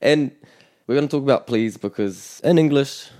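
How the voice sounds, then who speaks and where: A man hosting a bilingual language lesson, explaining in a measured way with small restarts. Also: mid-range voice, darkish tone, no room sound, clean studio sound. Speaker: te reo Māori teacher and podcast host.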